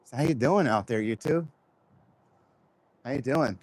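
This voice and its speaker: While walking laps outdoors, a man chats to his viewers in a rambling, direct way, using a clip-on microphone close to his face as a vlogger. His mid-range voice is a little slow and a little mellow, with no echo.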